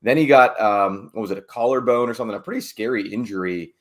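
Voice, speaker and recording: Low-voiced guy on a sports podcast, chatty and wry, wanders off on tangents. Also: quick pace. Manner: chatty, wry asides, digressive. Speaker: team beat reporter. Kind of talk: casual sports podcast chat.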